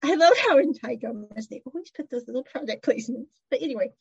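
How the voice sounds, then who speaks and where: Woman, high voice, breathy, dry close sound, slightly dull lo-fi audio, chatty episode recap. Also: lively intonation, quick pace, no echo. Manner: chatty storyteller, giggles, asides. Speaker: drama recap vlogger.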